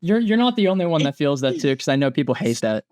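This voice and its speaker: A man's voice: fairly high pitch, very animated, fast talker, darkish tone, no echo, studio quality. A young man co-hosting a casual movie podcast, rambling and often breaking into laughter. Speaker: podcast co-host. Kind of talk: casual movie review chat.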